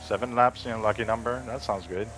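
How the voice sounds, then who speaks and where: This is casual live-stream chatter from a man playing a racing game: relaxed, rambling, full of swearing, and emotional when he's thanked. He speaks quickly in a steady, lowish, slightly bright voice over slight background noise.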